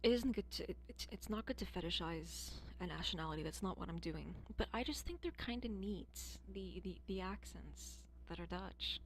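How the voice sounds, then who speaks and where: A woman's voice: fairly low pitch, animated, normal speed, few pauses, a little hiss or hum. An American woman chatting casually as a streamer, blunt and profane, rambling and musing aloud. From United States. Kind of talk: casual chat.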